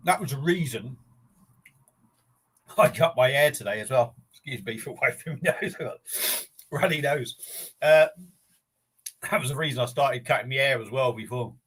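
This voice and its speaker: The older man's voice is husky, mid-range and fairly bright as he hosts his live eating stream. Sweating and sniffling with his mouth on fire from chilli, he chats breathlessly and rambles.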